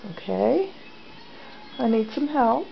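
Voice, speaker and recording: A woman's voice: on the high side, very animated, slow, creaky, soft background music. A woman at home filming her dogs, cooing to them in sing-song baby talk. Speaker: dog owner filming her pets. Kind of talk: home video, talking to pets. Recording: dull lo-fi home video with background noise.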